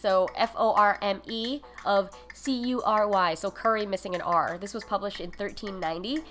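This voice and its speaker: A woman's voice: mid-range voice, moderate pace, a bit bright. A woman hosting a cooking livestream, talking casually with many fillers and giggly asides. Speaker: cooking stream host. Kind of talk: casual educational livestream talk.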